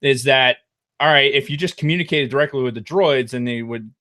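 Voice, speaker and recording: A man's voice: medium pitch, a little fast, pushed and bright. A man co-hosting a podcast, ranting about a movie with heavy swearing. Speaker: podcast co-host. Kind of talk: casual profane movie chat.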